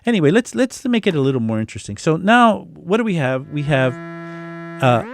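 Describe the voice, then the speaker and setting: A man teaching music production in a relaxed, casual demonstration, thinking aloud with frequent restarts. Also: on the high side, fairly quick, creaky. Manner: reads chat comments aloud. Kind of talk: casual live-stream demonstration. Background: synthesizer tones.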